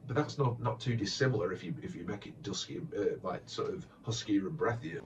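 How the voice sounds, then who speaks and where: Answering fans in a casual Q&A, this comedy voiceover parodist speaks low and a little fast, with a little hiss or hum in the audio. His chatty replies are hesitant and full of fillers and restarts, captured on a distant, muffled lo-fi mic.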